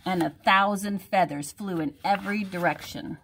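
A woman, a teacher, reading a picture book aloud at home for her class in a gentle storytelling manner. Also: medium pitch, moderate pace, slight background noise.

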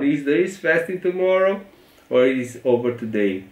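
A man's voice: a little high, expressive, normal speed. A man with an Italian accent hosting a reaction video, reading tweets aloud, laughing often and repeating short phrases. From Italy. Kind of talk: reacting to tweets, casual chat. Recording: echoey room.

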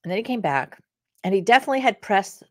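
A woman's voice: mid-range voice, fast, no room sound, clean studio sound. An older woman, a career coach, telling a candid story casually on a live stream, with the odd swear word. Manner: animated and candid, with swear words. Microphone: webcam on a live stream.

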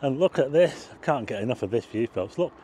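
A man's voice: mid-range voice, expressive, fairly quick, mellow, slight background noise. A man narrating a casual walking tour, chatting to his viewers and exclaiming at what he sees. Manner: chatty, addresses viewers as folks, exclaims at sights. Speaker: travel vlogger. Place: outdoors on town streets.

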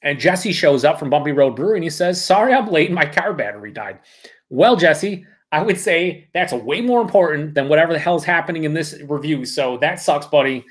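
A man's voice: on the high side, expressive, brisk. A man hosting a live beer review, talking casually and reading out viewer comments, rambling and correcting himself.

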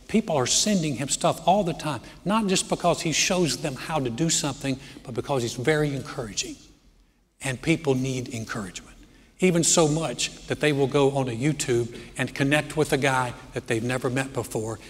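A middle-aged man preaching a sermon as pastor, telling family stories and growing animated as he jokes. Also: mid-range voice, slightly rough. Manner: storytelling, animated when joking. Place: church hall. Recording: church hall with long reverb.

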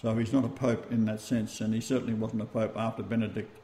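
A man with an Australian accent hosting a talk-radio show, rambling and halting as he goes. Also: lowish voice, level tone, mellow, reverberant, slight background noise. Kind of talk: casual talk-radio chat.

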